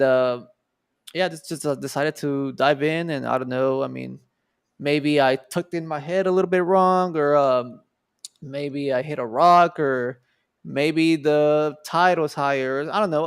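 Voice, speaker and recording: A slightly high, clear and resonant male voice is recorded at studio quality with no echo. He is a Texan guest artist in his 20s telling a personal story in an easygoing, profane manner with many fillers.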